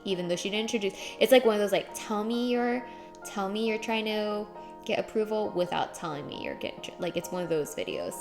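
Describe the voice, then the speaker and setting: A woman streamer in casual chat, reading chat aloud and acting out little voices with a giggly, animated manner. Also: mid-range voice, brisk, faint music behind.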